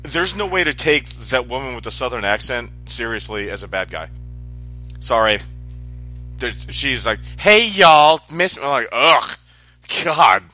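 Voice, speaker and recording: A man's voice: mid-range voice, lively intonation, normal speed, sharp tone, faint music behind. A man chatting casually about TV episodes with a co-host, wry and mildly critical. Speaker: podcast co-host. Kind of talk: casual TV recap chat.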